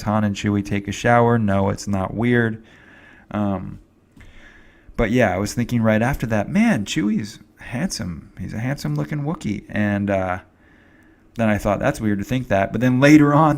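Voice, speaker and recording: A man talks through a film review in a loose, rambling way, stopping for fillers and side notes. His voice sits low with a gravelly fry. It sounds like a casual recording made at home. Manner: rambling, chatty, filler-heavy. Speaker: movie reviewer.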